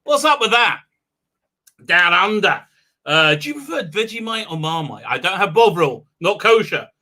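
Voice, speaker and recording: A man hosting a casual livestream, chatting with viewers in a rambling, excitable way and laughing often. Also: high voice, moderate pace. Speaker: livestream host; rabbi. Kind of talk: casual live-stream chat reading viewer comments.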